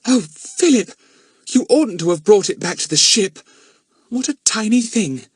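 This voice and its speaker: Guy putting on a soft mum voice, high and breathy, tut-tutting, storybook. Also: big pitch swings, a little slow, dry recording, studio quality, exaggerated voice. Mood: gently reproachful. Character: gentle, surprised middle-aged mother.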